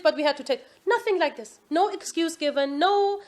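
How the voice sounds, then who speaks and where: High-voiced woman teaching an Islamic class. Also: normal speed, few pauses. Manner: asks the class "Yes?" often, lively quoting. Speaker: religious teacher.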